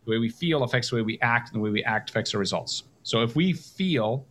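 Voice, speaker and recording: A man's voice: mid-range voice, fast, hardly any pauses, a bit bright. A man hosting a coaching call, talking with energy and emphasis and acting out example phrases. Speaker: coach and host.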